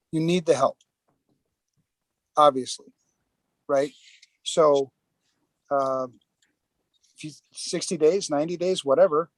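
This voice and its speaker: A man co-hosting a casual podcast who talks in a halting way, often repeating himself and filling pauses. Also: a little high, no room sound. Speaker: podcast co-host.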